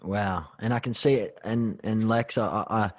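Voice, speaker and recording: A man's voice: on the low side, unhurried. A man hosting an interview podcast, encouraging his guest and often stammering and repeating words. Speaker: podcast host. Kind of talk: interview chat.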